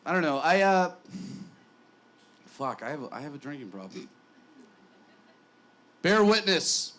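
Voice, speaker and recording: A man's voice: on the high side, very animated, measured pace, a bit bright. A man in his twenties doing a stand-up set in a small bar, rambling and self-deprecating with stammered restarts. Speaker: stand-up comedian.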